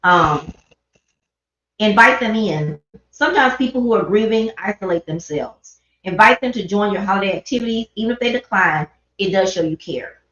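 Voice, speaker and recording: This livestream host has a mid-range, somewhat bright voice with lively intonation and speaks at a normal speed. Her talk on grief is personal, earnest and meandering, like a casual conversation. The sound is roomy and dull, picked up by a livestream microphone.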